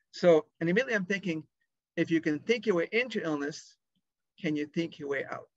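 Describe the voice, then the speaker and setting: A man in his fifties, a pediatric lung doctor, telling a story with lively acted-out dialogue. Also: fairly high pitch, moderate pace, no echo. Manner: animated storyteller acting out dialogue. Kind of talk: storytelling talk. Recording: dry, dull lo-fi sound.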